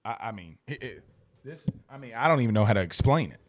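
A man's voice: medium pitch, very animated, fast, no echo. A man hosting a casual sports talk livestream, reading chat comments and rambling emphatically with repeated phrases. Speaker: host reading live chat. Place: studio.

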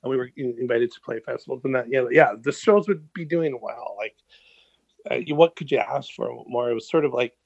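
A middle-aged musician telling stories in a casual interview, rambling with lots of fillers and casual swearing. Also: male voice, mid-range voice, a little fast, vocal fry, breathy edge, dry recording. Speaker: musician guest. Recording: dull lo-fi sound.

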